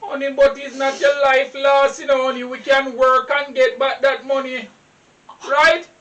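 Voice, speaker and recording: A Jamaican man playing a patient husband who keeps calmly coaxing his upset wife in a low-budget drama. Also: moderate pace, highs cut off. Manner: soothing, coaxing. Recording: roomy, distant mic.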